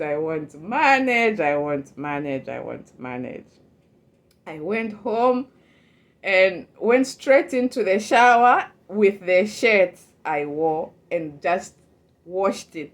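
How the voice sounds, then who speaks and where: A woman telling a personal story in a casual, emotional way. She often repeats words, restarts, and acts out her own past thoughts. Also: low-pitched. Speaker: storyteller recounting a personal experience.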